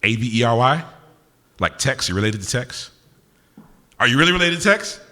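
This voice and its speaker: A man's voice: mid-range voice, very animated, pushed and bright. A man, a poet performing live, bantering playfully with his audience between pieces, teasing them and asking their names. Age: older adult. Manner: teasing, quick-witted, asks audience names. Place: university concert venue with audience. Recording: live hall recording with long reverb.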